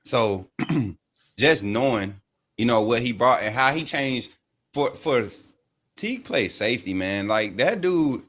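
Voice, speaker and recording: A man's voice: mid-range voice, expressive, a little slow, a bit bright. A man, a coach, co-hosting a sports talk show, rambling loosely with many fillers. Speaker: podcast co-host, coach.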